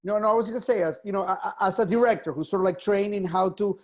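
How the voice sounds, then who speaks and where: A theater director hosting a panel over a video call, talking in a halting way with many fillers and restarts. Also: male voice, sits high. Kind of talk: casual video-call chat.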